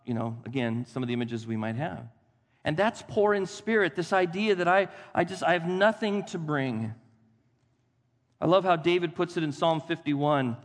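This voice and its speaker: A man preaching a sermon as pastor, animated and acting out the voices of Bible figures for his congregation. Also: fairly high pitch. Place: church sanctuary. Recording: long hall reverb.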